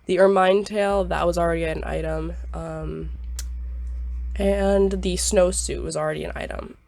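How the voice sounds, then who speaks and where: A young woman talks through a game in loose, rambling commentary, her voice stuffy and scratchy from a sinus cold. Her tone sits a little low and carries a gravelly fry, and she keeps repeating herself and hedging with "I believe.". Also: fairly even intonation, a little slow, a little mellow, no echo. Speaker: gaming YouTuber. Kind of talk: casual screen-recorded commentary.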